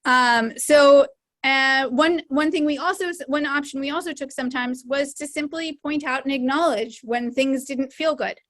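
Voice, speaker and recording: A woman hosting an online study gathering, welcoming panelists and then explaining things in a measured, reflective way over a video call. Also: high-pitched, a bit bright. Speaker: host and editor.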